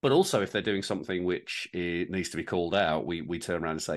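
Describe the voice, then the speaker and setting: Deep-voiced reflective man. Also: fast. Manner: reflective, rambling, with restarts and wry asides. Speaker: podcast co-host. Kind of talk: casual chat.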